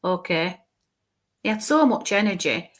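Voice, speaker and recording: A woman with a middling-pitched, animated voice gives a live mediumship reading. She describes what she sees haltingly, repeating and restarting words, and now and then sinks into soft, quiet murmurs.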